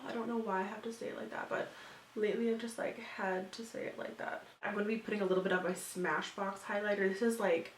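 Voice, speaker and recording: A woman's voice: mid-range voice, echoey room, slight background noise. A woman in her twenties, a beauty vlogger, chatting casually through a makeup tutorial with lots of fillers. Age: 20s. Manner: chatty, filler-heavy, upbeat.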